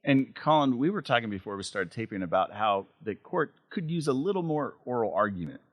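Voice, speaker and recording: A man's voice: mid-range voice, lively intonation, fairly quick, dry recording. A man hosting a live legal podcast panel, chatty and easygoing as he shares anecdotes. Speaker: podcast host, moderator. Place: law school lecture room with student audience.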